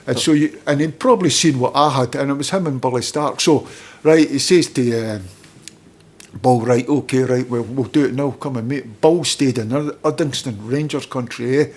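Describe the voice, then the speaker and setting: A middle-aged Scottish man, a former footballer, telling lively stories in casual chat as a podcast guest and acting out other people's lines. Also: mid-range voice, normal speed. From Scotland. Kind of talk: casual anecdotal storytelling.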